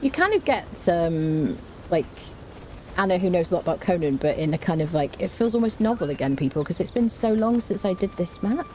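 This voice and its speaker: A woman streaming a survival game, chatting casually to viewers and humming little tunes as she plays, excitable and quick to jump up in pitch. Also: a little hiss or hum. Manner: chatty, hums and sings little tunes while playing; excitable, jumps high in pitch. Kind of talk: casual gameplay commentary.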